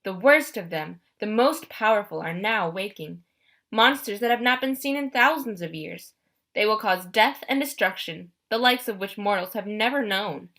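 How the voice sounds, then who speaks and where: A woman's voice: mid-range voice, lively intonation, moderate pace, pushed and bright. A woman voicing a menacing male monster posing as a teacher, speaking in a cold, formal, mocking way in an audiobook. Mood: taunting. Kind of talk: audiobook character voice.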